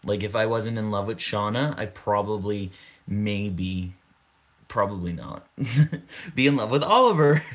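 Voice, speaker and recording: A young man chats with viewers in a relaxed, unhurried way, his voice sitting fairly low. He circles back on his own words and laughs along as he goes. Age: 20s. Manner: rambling, repeats words, laughs often. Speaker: channel host. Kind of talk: casual livestream chat.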